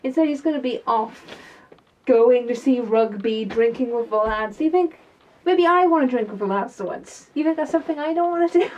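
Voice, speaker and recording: A woman's voice: on the high side, fairly even intonation, mellow, close to an everyday voice. Sassy woman mechanic played by a woman, talkative, heated, video diary, recorded a bit far from the mic. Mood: chatty. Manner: chatty, quick to get heated, laughs it off. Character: tough woman mechanic, sassy and fed up with stereotypes. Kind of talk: scripted character video diary.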